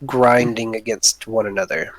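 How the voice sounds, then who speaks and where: A man running a tabletop role-playing session as the dungeon master, with a gravelly, fry-laden voice at a middle pitch. He talks hesitantly, often pausing with fillers and restarting his sentences as he describes the scene. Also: steady tone, a crowd in the background. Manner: hesitant, lots of ums and restarts. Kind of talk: running a tabletop game over voice chat.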